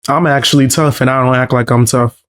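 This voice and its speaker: A man's voice: medium pitch, steady tone, fairly quick, fairly bright tone, clear, resonant tone. A man with a mid-range voice talks in casual stream chat. He is laid-back and blunt, with the occasional chuckle.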